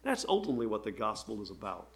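An older man, a pastor, preaching an earnest, heartfelt sermon with pauses. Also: lowish voice, big pitch swings.

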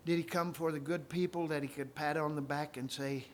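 A man preaching a sermon, retelling scripture stories and swinging from quiet asides to loud, ringing proclamations. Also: on the high side, fairly even intonation, brisk, slight background noise.

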